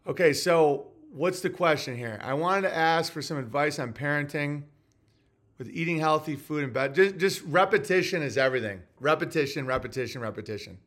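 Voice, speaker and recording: A man's voice: on the high side, moderate pace, fairly bright tone. A man hosting a live-stream podcast, reading viewer messages and answering with sarcastic, mocking rants.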